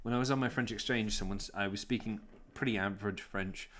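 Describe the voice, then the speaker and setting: A man's voice: lowish voice, steady tone, quick pace, a bit bright. Chatty, jokey young English man. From England. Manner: chatty, jokey, self-mocking. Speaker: actor signing prints for fans. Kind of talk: casual live-stream chat.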